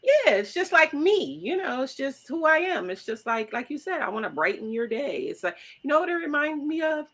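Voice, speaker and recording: A woman's voice: high voice, brisk, hardly any pauses. A young adult woman co-hosting a casual podcast chat, telling stories animatedly and acting out quoted lines. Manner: animated storyteller, acts out quotes, laughs loudly. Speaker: podcast co-host.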